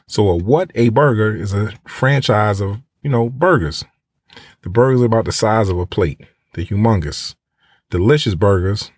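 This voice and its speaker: A talkative man offers travel tips in a loose, rambling way, slipping in fillers and acting out what he would say. His voice sits a bit low, and the sound is dry and close. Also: darkish tone, dry recording. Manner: chatty, rambling, many fillers and acted-out quotes. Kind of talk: casual monologue giving advice.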